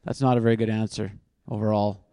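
A man's voice: lowish voice, little pitch movement, fast talker, warm tone, smooth, no room sound, clean studio sound. A man speaking at a conference and answering audience questions off the cuff, thinking aloud in a casual, self-deprecating way.

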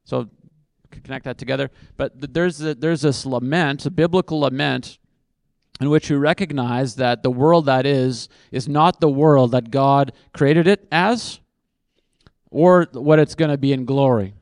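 A man at a conference Q&A who answers questions conversationally and pokes fun at his own answers. His voice is smooth and resonant, and it sits at a middle pitch. The sound is dry and close, with little room echo. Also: measured pace, darkish tone. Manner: conversational and self-deprecating. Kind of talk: conference Q&A, thinking aloud.

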